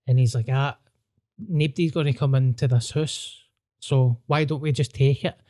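A Scottish man with a Glaswegian accent, hosting a podcast and telling a wild story in an animated, sweary way, acting out voices. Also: mid-range voice, moderate pace. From Scotland. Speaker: podcast host. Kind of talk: casual storytelling chat.

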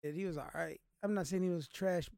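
A blunt man in casual podcast talk who swears freely. His voice is high with plenty of gravel and fry, and the recording is dry. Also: fairly even intonation, fairly quick, warm tone, dry recording. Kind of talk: casual chat.

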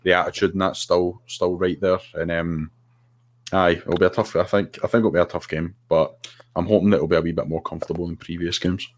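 A man with a Scottish accent, a podcast co-host giving his views in casual football chat, hesitant with many pauses. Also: sits low, little pitch movement. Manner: hesitant, lots of ums and restarts.

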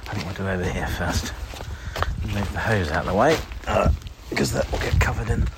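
Out in his garden with heavy background noise, the host of a gardening show keeps up a chatty walk-and-talk, wry and quick to poke fun at himself. He speaks briskly in an expressive, gravelly voice on the low side.

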